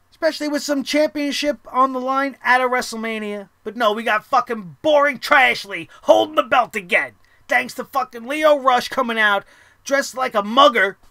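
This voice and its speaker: A man's voice: sits high, no room sound. A man hosting a wrestling review show, ranting heatedly and swearing often. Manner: profane, heated, animated ranting.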